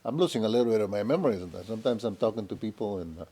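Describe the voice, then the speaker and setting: A man in his fifties hosts a casual interview. His voice sits fairly low, and his speech is easygoing and halting, full of small fillers. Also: mellow. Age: 50s. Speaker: host. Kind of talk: casual chat.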